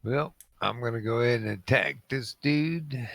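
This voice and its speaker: A man's voice: medium pitch, normal speed, creaky, fairly bright tone. A man playing in a tabletop game, brash and joking, swearing casually. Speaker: player. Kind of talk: casual chat.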